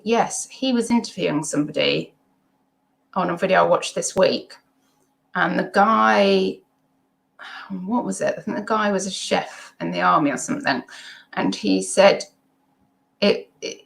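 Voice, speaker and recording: A woman's voice: mid-range voice, vocal fry, a bit bright. A middle-aged woman, hosting a casual live stream at home, reading chat comments and rambling with many ums and asides.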